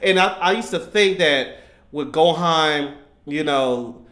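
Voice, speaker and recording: Young male vlogger, high voice, excitable casual storyteller who acts out quotes. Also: slow. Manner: excitable, rambling, quotes characters in raised voice. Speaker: YouTuber reacting to anime.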